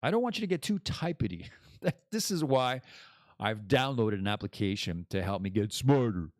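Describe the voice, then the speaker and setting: Rambly joking guy hosting his podcast live, pitch all over the place, dry close sound. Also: expressive, moderate pace, no room sound. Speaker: podcast host. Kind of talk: casual live-stream chat.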